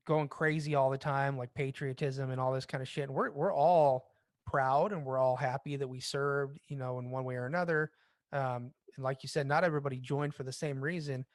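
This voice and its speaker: A man and military veteran co-hosting a casual podcast, talking in a rambling way with halting restarts and mild cursing. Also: mid-range voice, no room sound.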